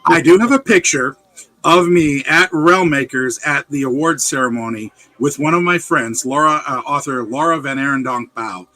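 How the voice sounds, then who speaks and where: A man's voice: on the high side, moderate pace, sharp tone, no room sound. A man from Wisconsin with an Upper Midwest accent, a guest author chatting casually in an interview, joking, laughing often and wandering into asides.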